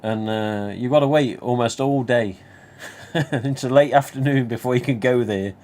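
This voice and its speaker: A man with a Nottingham accent talks at an everyday middle pitch, rambling through a personal story on a livestream. He keeps adding little asides and drops the odd mild swear word. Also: moderate pace, darkish tone. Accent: Nottingham English. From England. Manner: chatty, rambling, many you-knows, mild swearing. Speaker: livestream host. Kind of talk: casual anecdote telling.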